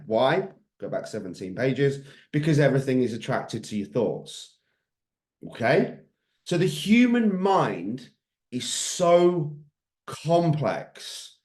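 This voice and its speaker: A man's voice: medium pitch, a little mellow, roomy sound. A man coaching a group on mindset, intense and emphatic, swearing freely. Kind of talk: motivational group training talk.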